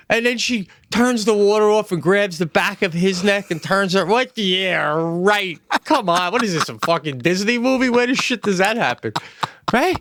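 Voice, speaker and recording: A man in his forties co-hosting a podcast, telling stories in an animated, profane way in casual chat. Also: sits high, normal speed, no echo. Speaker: podcast co-host.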